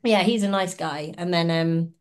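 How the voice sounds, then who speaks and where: A woman's voice: lowish voice, normal speed, darkish tone. A woman as a podcast guest, telling stories in a chatty way and acting out the lines she quotes. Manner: chatty storytelling, acts out quoted dialogue with laughs. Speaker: guest, ultrarunner and oncologist. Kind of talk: casual podcast interview.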